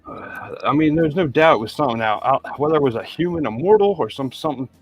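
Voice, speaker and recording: A man's voice: on the high side, lively intonation, fast, slightly rough. A man, a guest, telling his own story, a bit nervous and swearing as he goes.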